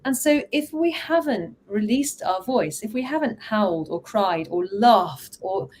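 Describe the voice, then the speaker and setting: A woman's voice: mid-range voice, a little slow, a little hiss or hum. Enthusiastic woman vocal coach explaining. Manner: enthusiastic, expressive, animated quoting. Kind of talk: casual conversational explanation.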